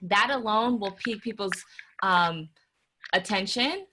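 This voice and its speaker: A woman's voice: medium pitch, measured pace, sharp tone, a little hiss or hum. A woman hosting a live stream workshop, upbeat and talking straight to her viewers. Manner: upbeat, addresses viewers as guys. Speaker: workshop host.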